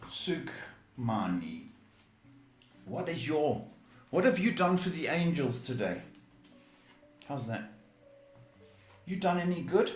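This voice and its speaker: A man's voice: a little high, sing-song, slow pace, long pauses, faint music behind. A male psychic host answering viewers' questions on a live stream, chatty and reassuring, often saying "okay" and "folks". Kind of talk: live-stream advice chat. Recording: echoey room.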